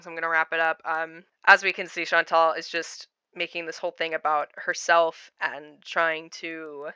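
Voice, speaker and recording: A woman's voice: deep voice, bright, forceful tone, smooth, no room sound. A woman giving casual, blunt commentary with a sarcastic edge and lots of filler words. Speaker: commentary YouTuber.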